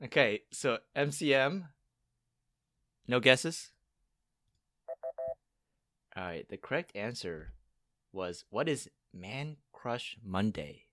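A man's voice: medium pitch, expressive, takes it slowly, pauses often, fairly bright tone, dry recording. A man hosting a casual podcast, reading out quiz clues and laughing and swearing when he gets flustered. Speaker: podcast host running a quiz game.

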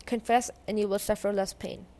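A woman reading the lines of a sly, menacing female schoolteacher in a low, quiet, threatening voice. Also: steady tone, fairly quick, close to an everyday voice.

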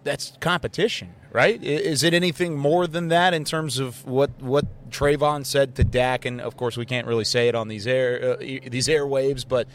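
A man's voice: mid-range voice, steady tone, normal speed, few pauses, a little hiss or hum. A man hosting a live sports podcast from a desk at a training camp, upbeat and laughing often as he steers the chat. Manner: upbeat, laughs often, repeats info for listeners. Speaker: podcast host.

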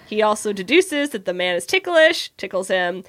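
A woman's voice: medium pitch, moderate pace. A woman co-hosting a podcast, giggling as she recaps a cartoon episode in casual chat. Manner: animated, giggly storyteller. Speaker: podcast co-host.

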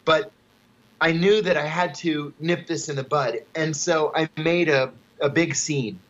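Man, guest storyteller, calm and measured, a bit high-pitched, dull lo-fi audio. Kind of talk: storytelling in a podcast interview.

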